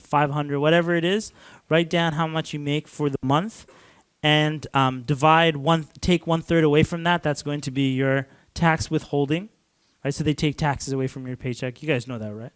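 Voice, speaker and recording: A man's voice: fairly high pitch, smooth, no echo. A man from Canada giving a casual lecture to a class, talking loosely with lots of "like" and restarts and chuckling often.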